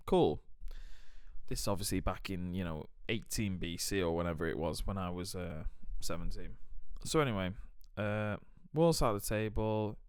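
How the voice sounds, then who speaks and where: Animated young British man, smooth voice. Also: deep voice, moderate pace, no echo, studio quality. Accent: British English. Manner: animated, swearing, many fillers. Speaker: podcast host. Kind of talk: casual storytelling chat.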